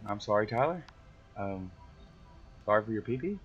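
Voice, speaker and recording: A man's voice: medium pitch, animated, fairly quick, gravelly, pauses often, dull audio, slight background noise. A man chatting casually and swearing freely while playing a game, joking and teasing as he goes. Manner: profane, joking, hums along while playing. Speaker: game streamer. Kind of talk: casual gameplay chat.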